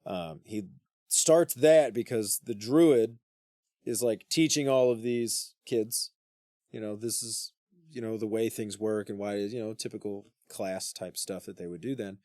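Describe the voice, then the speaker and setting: A man co-hosting a podcast, retelling an old myth in casual slang, swearing and putting on quick voices for the characters. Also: lowish voice, darkish tone, no room sound, clean studio sound. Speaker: podcast co-host. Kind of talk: casual storytelling.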